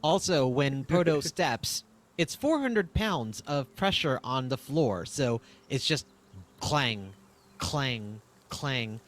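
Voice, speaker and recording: Male player, slow and deliberate, plain mid voice. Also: on the high side, sing-song. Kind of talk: narrating his character's actions in a tabletop game.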